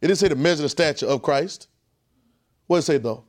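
This Bible class teacher speaks at a quick pace, using a call-and-response, sermon-like delivery. His emphatic, repetitive teaching frequently sinks into a low, hushed voice.

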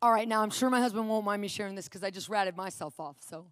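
A middle-aged woman preaching and telling a lively personal story, acting out the people in it. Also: medium pitch, fast talker, a little hiss or hum. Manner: animated storytelling, acting out quotes.

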